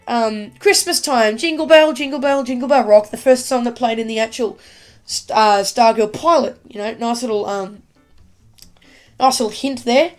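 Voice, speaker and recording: A woman giving a casual, excitable video review of a TV episode, rambling with lots of fillers. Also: a little high. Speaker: YouTube TV reviewer.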